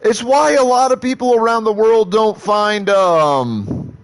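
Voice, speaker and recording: A man's voice: sits high, a little slow. A man streaming live who chats casually in a rambling, profane way, with many restarts.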